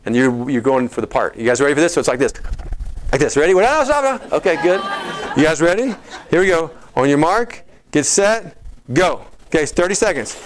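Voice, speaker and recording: A man with a Texan accent giving a lively health seminar to a live audience, joking and coaching the crowd through an exercise. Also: on the high side, fast talker, a little hiss or hum. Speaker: chiropractor giving a health talk.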